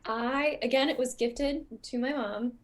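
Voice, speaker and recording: A woman contestant telling quick, rambling stories. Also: on the high side, steady tone. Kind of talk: casual game banter.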